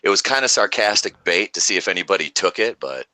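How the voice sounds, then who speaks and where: A man with a low voice and a very bright, sharp tone, chatting casually on a podcast. He talks loosely, full of "like" and fillers, and the sound is dry and close. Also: big pitch swings, fast talker, no room sound, rough recording. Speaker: podcast guest. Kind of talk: casual chat.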